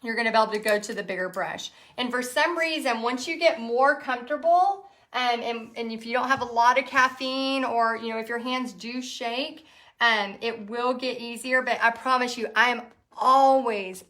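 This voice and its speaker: A woman hosting a live step-by-step painting lesson, chatty and quick to laugh as she reads out viewer comments. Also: a little high, bright, forceful tone. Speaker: painting instructor and host.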